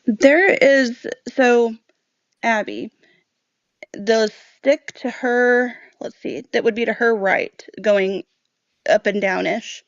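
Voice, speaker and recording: Lady co-host talking it thru, hedgy quick bursts, kinda muffled dry audio. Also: on the high side, dry recording. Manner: thinking aloud, hedging, quick bursts. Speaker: podcast co-host. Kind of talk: casual true-crime discussion.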